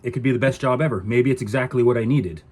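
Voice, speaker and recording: Exasperated man ranting, husky voice. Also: medium pitch, fast, darkish tone. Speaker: vlogger. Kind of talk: casual ranting vlog.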